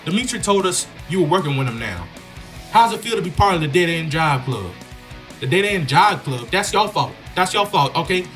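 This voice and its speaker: A man's voice: on the high side, expressive, normal speed, a bit bright, faint music behind. A man giving joking, slangy commentary on a horror game while reading its dialogue aloud. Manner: joking, slangy, riffing on the story. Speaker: gaming YouTuber.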